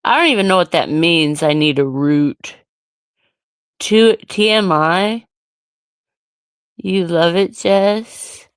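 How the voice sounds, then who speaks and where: A woman's voice: on the low side, takes it slowly, long pauses, smooth, dry recording. A woman hosting a casual solo livestream, ranting and answering her chat in an irritated way. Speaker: livestream host.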